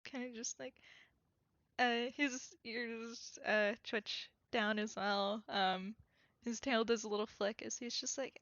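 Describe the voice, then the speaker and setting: A woman narrates her character's actions in a casual tabletop role-play, halting often and filling the gaps. She speaks slowly, her voice a touch high, and the recording is dull, lo-fi and dry. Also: steady tone, fairly bright tone, no room sound. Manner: halting, with many fillers.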